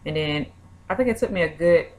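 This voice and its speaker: A woman's voice: deep voice, animated, fairly quick, darkish tone. A young woman, vlogging in a chatty, rambling way full of fillers. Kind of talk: casual chat.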